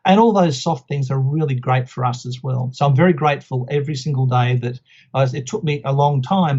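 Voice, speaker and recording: A man's voice: mid-range voice, dark tone. A middle-aged man, chatting as an interview guest and telling anecdotes with quoted voices. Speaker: guest, business coach. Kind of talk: casual interview storytelling. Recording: slightly muffled lo-fi audio.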